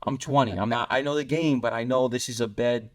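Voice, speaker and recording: Mid-range and steady, this man's voice comes through a dry recording as he tells blunt street stories as a podcast guest. He moves fast and acts out others' words in quotes.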